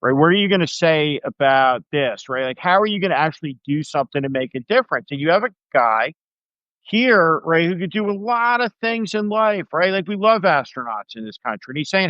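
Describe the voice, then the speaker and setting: Guy ranting about politics, fairly high voice, dry muffled audio, lots of "right?". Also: expressive, moderate pace, no room sound. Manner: rambling, emphatic, many fillers and restarts. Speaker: political commentator. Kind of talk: casual political talk.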